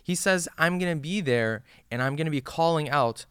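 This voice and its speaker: A man's voice: fairly high pitch, a little fast, few pauses, fairly bright tone, clean tone, no echo, studio quality. A man teaching listeners the meaning of a supplication, explaining each line in plain words and often checking in with "right?". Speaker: religious teacher.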